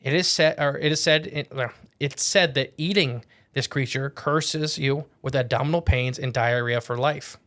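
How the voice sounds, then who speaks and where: A man in the middle of a relaxed podcast chat, rambling through his notes with plenty of restarts and self-corrections. He keeps things jokey and loose, and his voice sits at an ordinary male pitch. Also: normal speed, few pauses. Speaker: podcast co-host.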